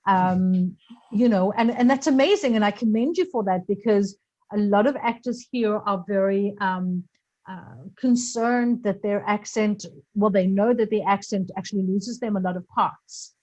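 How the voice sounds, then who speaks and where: A woman's voice: medium pitch, moderate pace, mellow. A woman hosting an interview, encouraging her guest and hesitating with many ums. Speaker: interview host. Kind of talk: casual interview chat. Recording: muffled lo-fi audio.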